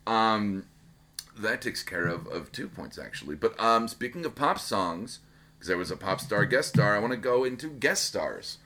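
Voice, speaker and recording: A man with a somewhat low voice, talking on a casual podcast. He gushes, swears freely and trips over his own sentences as he goes. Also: big pitch swings, normal speed, sharp tone. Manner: enthusiastic, swears a lot, many restarts. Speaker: podcast co-host. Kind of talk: casual chat.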